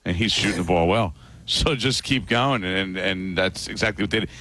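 A man with a fairly low voice co-hosts a sports radio show. He talks through his points conversationally, stopping and restarting as he goes. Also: normal speed, bright, forceful tone, dry recording. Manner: conversational, explains at length with restarts.

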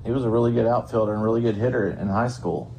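A man's voice: fairly low pitch, fast, warm tone, slight background noise, poor audio. A man giving casual, confident analysis as a guest on a sports radio show.

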